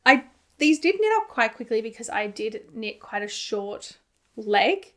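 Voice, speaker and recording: A woman's voice: a little high, very animated, unhurried. A woman hosting a knitting podcast in casual chat, rambling with lots of "like" and laughing at her own mishaps. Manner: chatty and rambling, often says "like".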